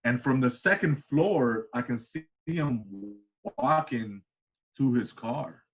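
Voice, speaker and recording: Casual male interview guest, 30s, husky, animated storyteller who does voices. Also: slow pace. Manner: animated, acts out quoted voices with big pitch jumps. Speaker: interview guest, comedian and cinematographer.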